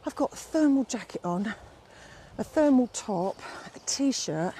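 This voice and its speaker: A woman's voice: a little high, lively intonation, a little slow, dark tone, slight background noise. A middle-aged woman, a fitness instructor rambling in a casual vlog outdoors, out of breath while walking up a steep hill with her phone. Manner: chatty, rambling, fond with her dog.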